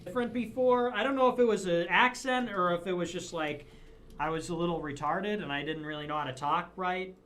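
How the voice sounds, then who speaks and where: A young man with a Chicago accent, rambling and halting through a casual livestream monologue. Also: sits high, a bit bright. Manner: rambling, halting, self-deprecating. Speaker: livestream broadcaster.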